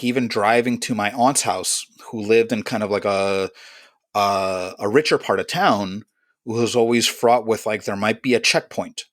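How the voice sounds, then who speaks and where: A man's voice: fairly low pitch, a bit bright, no echo, studio quality. A man in his fifties, originally from Chile, a musician guest in an interview who tells his memories reflectively and in vivid detail. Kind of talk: conversational interview storytelling.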